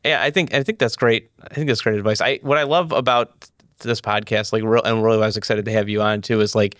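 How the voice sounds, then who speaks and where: A podcast host with a low, flat male voice rushes through his thoughts, restarting sentences as he goes. The sound is dry and close, with no room around it. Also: no echo. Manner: rambling, halting restarts. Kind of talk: casual podcast interview.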